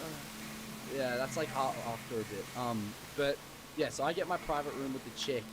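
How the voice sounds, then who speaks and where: A man's voice: mid-range voice, normal speed. A man telling a story in casual chat, rambling and swearing with bursts of laughter. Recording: clear background noise.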